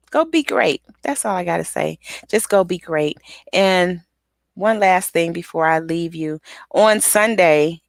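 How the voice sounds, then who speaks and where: A woman giving an energetic motivational pep talk, repeating affirmations with rhythmic call-and-response. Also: fairly low pitch, dry recording. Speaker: motivational speaker and author.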